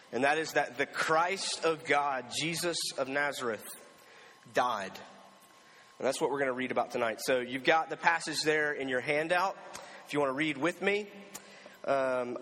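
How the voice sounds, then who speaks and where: Male preacher, measured and deliberate, reading scripture. Slightly high voice, long hall reverb. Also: sharp tone. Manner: measured, deliberate delivery that slows down for emphasis.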